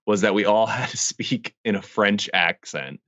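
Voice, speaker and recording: A man's voice: fairly low pitch, normal speed, sharp tone, dry recording, highs cut off. A man hosting a podcast in casual chat, telling loose stories with swearing and laughter. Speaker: podcast host.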